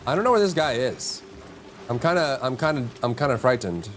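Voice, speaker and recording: A man's voice: brisk, a little hiss or hum. A man streaming live, talking his chat through a game and yelping at enemies. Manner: excitable, jumps to high yelps and mock insults at enemies. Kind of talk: live gameplay commentary.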